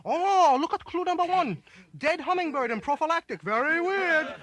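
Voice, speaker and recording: A man's voice: very high-pitched, lively intonation, moderate pace, a bit bright, voice pushed up. A male comedian voicing a fussy male film detective who reads out clues in a sing-song, mock-solemn way.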